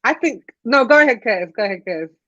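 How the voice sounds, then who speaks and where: A woman's voice: on the high side, lively intonation, fast, pushed and bright, no echo. A young woman chatting on a podcast panel, telling stories and laughing often. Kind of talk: casual panel chat. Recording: dull lo-fi podcast audio.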